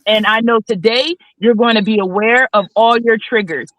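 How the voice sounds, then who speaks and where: A woman in her thirties talking as a podcast guest, animated and preachy, checking in with "right?" again and again. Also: a little high, normal speed, no echo, poor audio. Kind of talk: casual podcast discussion. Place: studio.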